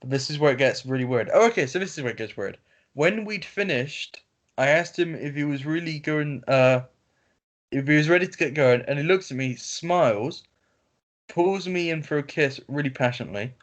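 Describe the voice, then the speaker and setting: A man's voice: on the high side, expressive. A man, co-hosting a podcast over a video call, reading a story aloud in casual chat with many fillers and restarts. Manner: reads haltingly with fillers and self-corrections. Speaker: podcast co-host reading stories. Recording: lo-fi call audio.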